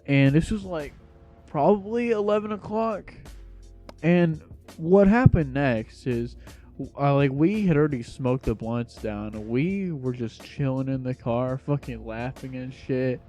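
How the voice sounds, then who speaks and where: A young man spins a casual storytime tale, slangy and rambling. His voice is mellow and a little dark, sitting at an ordinary pitch. Faint music plays underneath. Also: measured pace. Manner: slangy, laid-back rambling.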